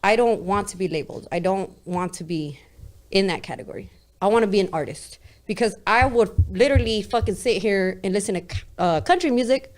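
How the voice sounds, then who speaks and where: A woman's voice: mid-range voice, a little fast. Streetwise woman with a New York accent. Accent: New York-style. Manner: streetwise, frequent "you get me?", swears casually. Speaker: guest rapper. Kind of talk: casual interview talk.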